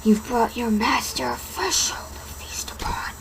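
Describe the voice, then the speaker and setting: A woman's voice: fairly high pitch, lively intonation, a little slow, a bit bright, full character voice, rough recording. Slender Man, a demonic whisper from a woman. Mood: menacing. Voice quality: breathy whisper. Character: faceless demonic male monster, menacing. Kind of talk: whispered role-play.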